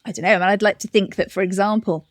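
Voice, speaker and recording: A middle-aged woman giving a thoughtful interview answer, often restarting and laughing softly. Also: medium pitch, fairly even intonation, rapid-fire, dry recording, clean studio sound. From United Kingdom. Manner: reflective, many restarts and soft laughs. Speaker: interview guest, campaign director. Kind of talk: conversational interview.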